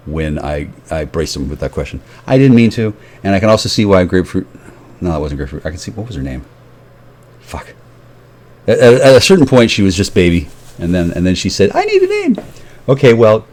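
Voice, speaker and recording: In a solo vlog monologue, a man with a lowish, darkish voice rambles to the camera. He swears frequently, strays across tangents and tails off into mumbling.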